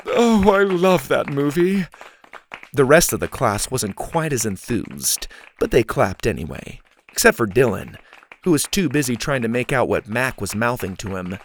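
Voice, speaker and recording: Lively male storybook narrator. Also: medium pitch, normal speed, some chatter behind, a little hiss or hum. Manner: expressive, lively reading.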